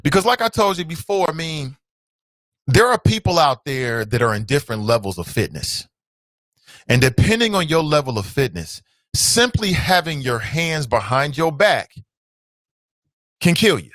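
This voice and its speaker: A man's voice: a little high, sing-song, moderate pace, fairly bright tone, dry recording. A male talk show host speaking earnestly and directly to his audience, whom he calls family. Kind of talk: casual commentary.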